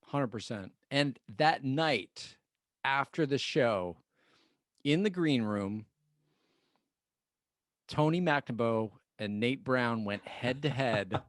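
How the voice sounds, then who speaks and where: A man's voice: medium pitch, expressive, slow, long pauses, no echo, clean studio sound. A middle-aged man co-hosting a casual podcast, telling a band story with lots of laughing and repeated words. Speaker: podcast co-host, band member.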